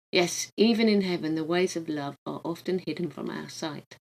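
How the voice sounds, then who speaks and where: A woman reading a visionary book aloud in a calm, gentle storytelling way. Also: deep voice, low-quality recording. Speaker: audiobook reader.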